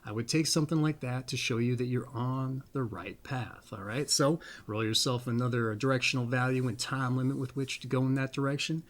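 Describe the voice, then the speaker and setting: A man's voice: mid-range voice, fairly even intonation, fairly quick, few pauses. A man hosting a casual monologue, rambling in a folksy way and repeating pet phrases. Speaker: astrology video host.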